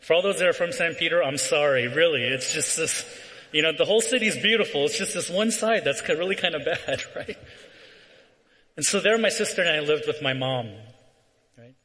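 A man's voice: on the high side, fairly quick, bright, forceful tone. A man preaching a sermon, telling a personal story and checking in with "right?" between phrases. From Southern California. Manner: storytelling with frequent "right?" asides. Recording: long reverb from a hall.

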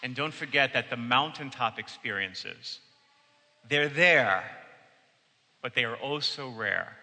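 A man preaching a sermon in a bright, forceful voice. He tells a story earnestly, and his words ring out with a long reverb through a church. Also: mid-range voice, slow. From United States. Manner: storytelling, earnest, quotes with raised voice. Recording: long reverb of a large hall.

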